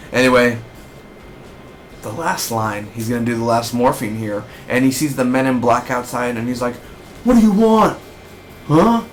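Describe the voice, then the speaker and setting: A man hosts a casual TV review in a loose, rambling way, and his excitement spills into each point. His voice sits at an ordinary middle pitch. A faint hiss runs under the recording. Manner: rambling, excitable, acts out characters in bursts. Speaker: TV show reviewer.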